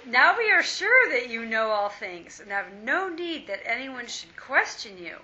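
A woman reading scripture aloud in a steady, measured way during a Bible study. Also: on the high side. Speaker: scripture reader. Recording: muffled lo-fi with faint hiss.

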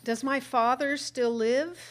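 A woman reading scripture aloud in a measured, earnest way. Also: sits high, steady tone. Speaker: scripture reader.

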